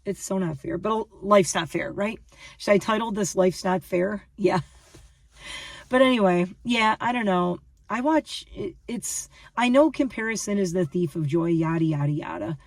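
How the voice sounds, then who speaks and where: A woman's voice: mid-range voice, moderate pace, no room sound, distant mic. A woman rambling through a casual vlog monologue, chatty and self-deprecating. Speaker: vlogger.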